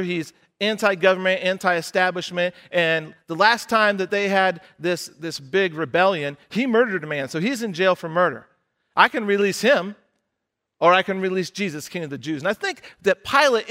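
A man's voice: high voice, animated, normal speed, pushed and bright. A man preaching a sermon, retelling a scripture story in a conversational way and acting out the characters' lines.

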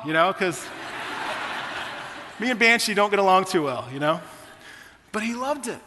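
A man's voice: high voice, lively intonation, fairly quick, long pauses, bright, forceful tone, in a large hall, slight background noise. A man in his forties preaching a sermon, telling personal stories in a conversational way to his church. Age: 40s. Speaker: pastor.

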